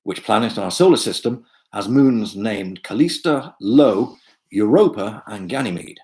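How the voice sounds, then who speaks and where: A man's voice: on the low side, animated, measured pace, darkish tone, poor audio. A man hosting a pub quiz from home on a video call, chatting and joking with lots of fillers. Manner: chatty, jokey asides, many fillers. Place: home room.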